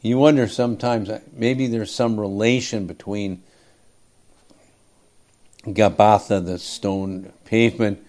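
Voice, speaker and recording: A man preaching an expository sermon, reading scripture and commenting with emphatic pauses and frequent throat clearing. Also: fairly low pitch, fairly even intonation, a little mellow.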